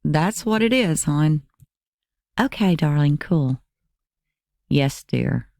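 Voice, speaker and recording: Crime narrator, female: deep, mellow read of text messages, dry close sound. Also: expressive, slow pace, creaky, no room sound. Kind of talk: reading text messages aloud.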